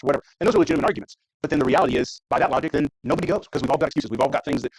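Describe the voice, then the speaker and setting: A man preaching a casual, conversational sermon in church while showing mission trip photos, talking fast and often restarting his sentences. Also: medium pitch, no echo, low-quality recording. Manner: fast, conversational, self-interrupting. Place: church sanctuary.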